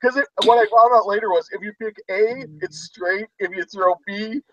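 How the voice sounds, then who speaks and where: A man hosting a casual chat among resellers, telling an animated story and acting out people's shouts. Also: high-pitched, moderate pace, distant mic, muffled recording, over a noisy crowd. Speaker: host.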